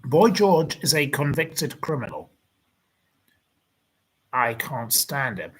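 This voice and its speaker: Slow, husky-voiced indignant man ranting. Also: mid-range voice, very animated, poor audio. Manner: indignant, rambling, repeats insults. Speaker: channel host answering viewer comments. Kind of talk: ranting livestream talk.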